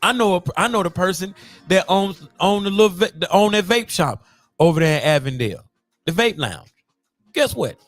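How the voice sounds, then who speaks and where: A man's voice: high-pitched, brisk, dry recording, soft background music. A man hosting his own podcast, rambling and swearing freely as he invites guests. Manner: rambling, profane and animated. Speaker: podcast host. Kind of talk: casual podcast monologue.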